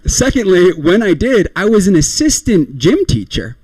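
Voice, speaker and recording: Lively young man doing stand-up. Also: high-pitched, moderate pace, dry recording. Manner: rambling, self-deprecating, laughs at own jokes. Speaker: stand-up comedian. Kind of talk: stand-up comedy set.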